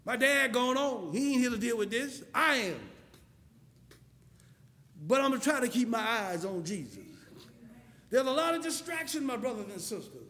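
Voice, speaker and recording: A man preaching a sermon, telling stories and building to impassioned shouts. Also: extremely high pitch, animated, normal speed, pauses often. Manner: impassioned, storytelling, rising to shouts. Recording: echoey hall with long reverb.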